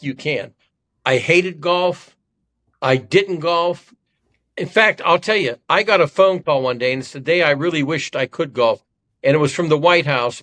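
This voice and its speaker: A man's voice: a little high, a bit bright. An older man from Ohio, a podcast guest telling self-deprecating, rambling stories in casual conversation. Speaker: podcast guest, former congressman. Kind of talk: conversational storytelling.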